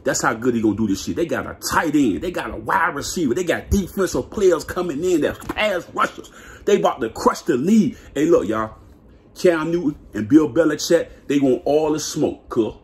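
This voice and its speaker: A man vlogging a hyped, slangy football rant, laughing and repeating himself in his excitement. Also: fairly high pitch, normal speed. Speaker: sports vlogger.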